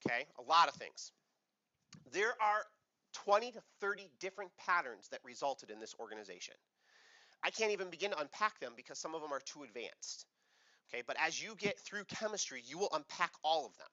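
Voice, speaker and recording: A man's voice: a little high, brisk, lo-fi sound. A male chemistry teacher giving a playful classroom lecture and quizzing his students. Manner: playful, animated, asks the class questions.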